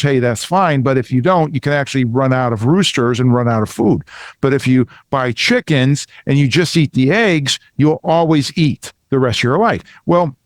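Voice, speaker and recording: Earnest middle-aged host. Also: male voice, mid-range voice, no echo, studio quality. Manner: earnest, repeats himself, restarts phrases. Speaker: podcast co-host, financial advisor. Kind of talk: casual explanatory talk.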